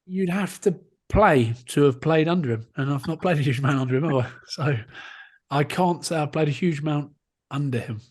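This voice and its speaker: Guy in his 30s on a rugby podcast, bit higher voice, self-mocking yarns. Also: fairly quick, darkish tone, slightly rough. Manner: jokey, self-mocking storyteller. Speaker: podcast co-host, rugby player. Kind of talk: casual chat, anecdotes.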